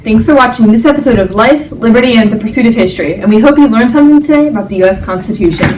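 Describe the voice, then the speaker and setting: A woman's voice: fairly high pitch, lively intonation, rapid-fire, recorded from a distance. A teenage girl hosting a school comedy skit in a mock-serious game show manner. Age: teens. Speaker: skit host. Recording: echoey room with background noise.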